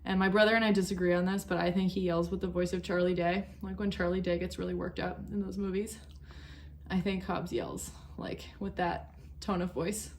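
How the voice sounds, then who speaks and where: Young woman knitting vlogger, kinda low and gravelly, chatty and rambly, at home. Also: steady tone, brisk, a little mellow, a little hiss or hum. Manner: chatty, rambling, easily sidetracked. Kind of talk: casual chat.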